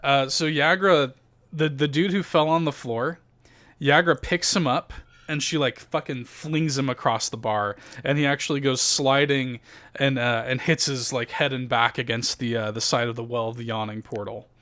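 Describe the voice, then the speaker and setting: A man's voice: mid-range voice, steady tone, normal speed, a bit bright. A man running a tabletop game as game master, narrating loosely with many fillers and casual swearing.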